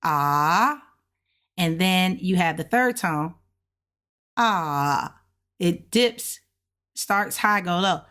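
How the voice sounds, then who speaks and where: A language learner leads a casual practice session, her low-leaning voice a little bright. She goes slowly and patiently, dragging out syllables whenever she shows how a sound goes.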